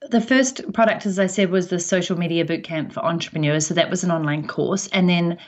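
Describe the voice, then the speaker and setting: Low-voiced New Zealand woman, chatty. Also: a little fast. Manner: chatty storytelling with frequent ums. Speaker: podcast guest, entrepreneur. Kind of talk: casual podcast interview.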